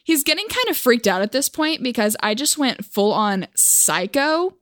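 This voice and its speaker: A woman's voice: on the high side, very animated, moderate pace, fairly bright tone, no room sound, studio quality. A young woman from Oklahoma telling a personal story for a vlog in a wry, self-mocking, chatty way.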